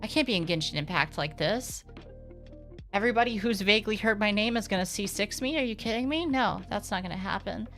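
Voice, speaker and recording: A young woman streams live and chats in a bright, crisp voice that sits at an ordinary pitch for a woman. She talks candidly and sarcastically, swears freely, and rambles with plenty of fillers. Quiet music plays faintly underneath. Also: expressive, fairly quick. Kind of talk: casual live-stream chat.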